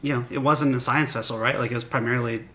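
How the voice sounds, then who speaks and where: A man's voice: medium pitch, steady tone, fast, pushed and bright. A man co-hosting a podcast, joking and laughing in casual chat. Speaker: podcast co-host.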